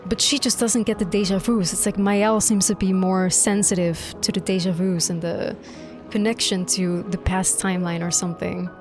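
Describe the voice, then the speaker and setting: A young woman streamer reacting live to a game, excitable and gushing, swearing freely. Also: medium pitch, normal speed. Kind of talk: live gameplay reaction commentary. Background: faint game music.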